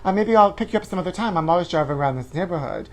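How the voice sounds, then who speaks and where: A man's voice: a little high, lively intonation, racing. A man putting on a gushing woman driver with a fake, affected accent. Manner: affected, theatrical, sing-song.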